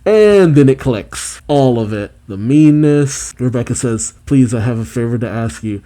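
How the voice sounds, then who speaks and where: Guy with a really dark mellow voice reading through a manga chapter, reading the lines plainly then jumping in with his own reactions. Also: medium pitch, expressive, a little slow, few pauses.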